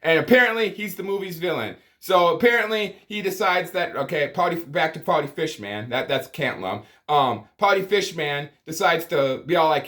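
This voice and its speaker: A man's voice: on the high side, lively intonation, moderate pace, few pauses, fairly bright tone. Exasperated swearing man ranting about a movie. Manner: exasperated, swearing, sighing rants. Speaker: movie reviewer. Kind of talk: profane comedic movie review.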